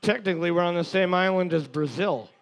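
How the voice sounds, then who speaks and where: A man's voice: sits high, fairly quick. A young man co-hosting a bar trivia night, cracking teasing jokes alongside the host. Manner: wisecracking, teasing. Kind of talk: casual bar banter.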